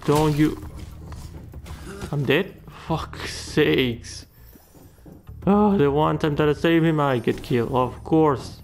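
A man's voice: a little high, slow pace, vocal fry, faint music behind. A man hosting a gaming channel, giving casual gameplay commentary and muttering and swearing at the game.

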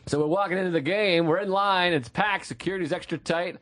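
A man co-hosting a comedy podcast, telling a story in a casual, profane way and breaking into shouts. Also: high voice, brisk. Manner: animated, profane, bursts into shouting.

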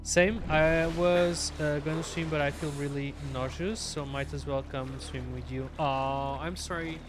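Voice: medium pitch, steady tone, unhurried. A streamer chatting casually with viewers while playing a game, talking to themself and sounding sleepy. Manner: chatty, talks to self and chat, sleepy. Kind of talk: casual live game commentary. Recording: game music playing behind.

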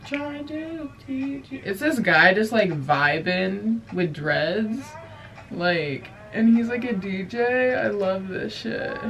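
A woman's voice: mid-range voice, takes it slowly, fairly bright tone. A young woman vlogger rambling through a casual storytime, full of fillers and casual swearing. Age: young adult. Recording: voice a bit distant from the mic, faint music behind.

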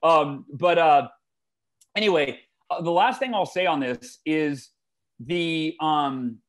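Animated man telling stories. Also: slow pace. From United States. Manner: animated storytelling with big pitch swings. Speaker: guest author. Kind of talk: conversational podcast interview.

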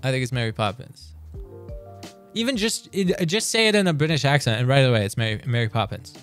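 A man streaming live and chatting casually through a quiz, excitable and quick to swear as he reads lyrics aloud. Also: medium pitch, faint music behind.

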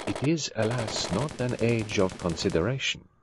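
A man's voice: on the low side, expressive, normal speed, noisy background, natural voice. A man voicing a fussy, precise elderly Belgian detective who speaks formally and enunciates carefully. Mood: polite, probing.

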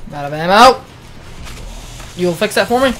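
A man's voice: high-pitched, expressive, moderate pace, a bit bright, a little hiss or hum. A man playing a game with a friend, making laid-back jokes and swearing at the game. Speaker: co-player. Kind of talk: casual let's play commentary.

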